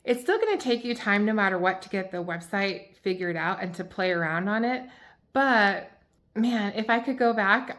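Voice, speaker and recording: A woman who owns a small business, chatting to camera in a lively, emphatic, exasperated way as she shares advice from her mistakes. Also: medium pitch. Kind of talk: casual advice vlog.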